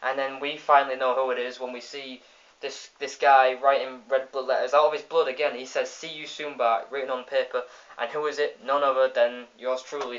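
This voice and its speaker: Recorded on a phone with dull, lo-fi sound, a man casually reviews a cartoon episode out loud. His mid-range, fairly bright voice rambles through the plot, full of restarts and fillers.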